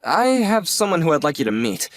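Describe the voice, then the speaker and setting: An actor voicing a young adult nephew who is earnest, apologetic and a bit sheepish. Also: male voice, fairly high pitch, very animated, brisk, no room sound. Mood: hesitant. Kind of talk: audio drama acting.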